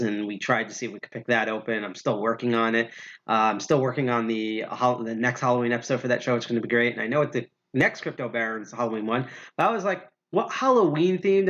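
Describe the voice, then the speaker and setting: A man of ordinary pitch hosting a casual livestream, talking loosely and swearing as he goes. He trips over words and corrects himself, then keeps rolling. The sound is a bit dull and lo-fi. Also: a bit bright. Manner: rambling, profane, self-correcting. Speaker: podcast host.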